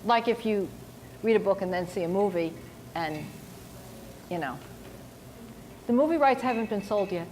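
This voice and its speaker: A woman's voice: mid-range voice, lively intonation, moderate pace, pauses often, darkish tone, slight background noise. A woman novelist speaking at a university seminar, chatty and self-mocking, acting out remarks she quotes. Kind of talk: casual talk answering audience questions.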